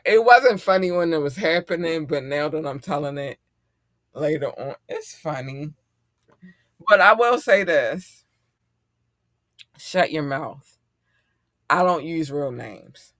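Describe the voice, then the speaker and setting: A middle-aged man hosting a casual podcast chat, animated and profane and quick to laugh. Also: on the high side, no room sound, clean studio sound. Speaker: podcast host.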